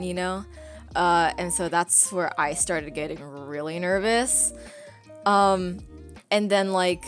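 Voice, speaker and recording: A woman streamer telling a story in casual chat, rambling with many fillers and breaking into laughs. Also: on the low side. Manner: rambling, filler-heavy, excitable with frequent laughs.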